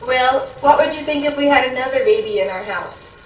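A woman's voice: high voice, brisk, distant mic, slight background noise. A mother talking with her child in a home video, teasing and insistent. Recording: roomy home video from afar.

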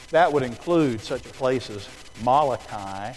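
Guy preaching from the pulpit, goes quiet then loud and punchy, normal pitch, faint hiss behind him. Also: animated, unhurried, few pauses, poor audio. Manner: swings from hushed storytelling to loud, emphatic appeals. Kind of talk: sermon. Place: church auditorium.

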